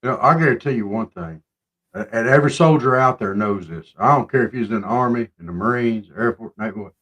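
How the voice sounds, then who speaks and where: A man ranting on a live talk show, mocking and swinging between loud outbursts and low mutters. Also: quick pace, highs cut off. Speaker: show co-host. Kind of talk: casual political chat.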